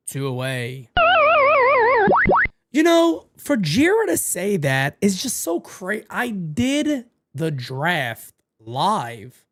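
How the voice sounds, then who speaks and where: A man calling baseball live for a fan watch party, with a lively voice that swings widely in pitch. He chats loosely with viewers, hams things up and circles back to the same phrases. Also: unhurried, creaky. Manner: animated, playfully melodramatic, repeats himself. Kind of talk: live fan play-by-play and chat.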